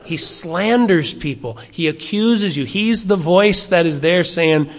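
Male pastor, high-pitched, casual rhetorical sermon style, long hall reverb. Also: lively intonation, slow pace, hardly any pauses. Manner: conversational, asks the audience rhetorical questions.

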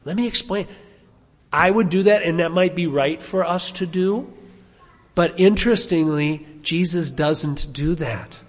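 Animated preacher in an echoing hall. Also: male voice, a little high, measured pace. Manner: animated, rhetorical questions to the congregation. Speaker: pastor. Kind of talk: sermon.

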